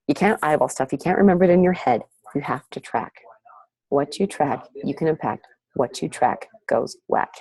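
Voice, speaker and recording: A woman's voice: on the low side, gravelly, dark tone, breathy edge, no room sound. A woman leading a team of fitness coaches on a video call, giving a gushing motivational talk full of exclamations and repeated phrases.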